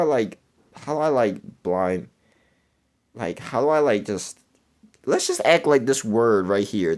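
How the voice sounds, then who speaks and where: A young man talking through a video game quiz in casual, rambling commentary, mumbling and then jumping into excited outbursts. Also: mid-range voice. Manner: rambling, self-correcting, swings between mumbling and excited outbursts. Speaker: gaming YouTuber.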